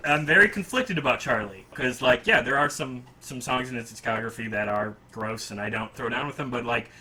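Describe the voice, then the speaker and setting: Bright-toned man hosting a music chat. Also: medium pitch, a little fast, husky, poor audio. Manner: rambling, enthusiastic, self-deprecating. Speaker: podcast host.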